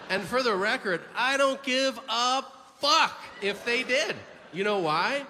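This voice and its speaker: A man tells stories on stage in a brash, profane, animated stand-up set. His voice sits a little high for a man. The sound rings out in a big hall, with steady noise underneath. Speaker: stand-up comedian. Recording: echoey live hall with noise.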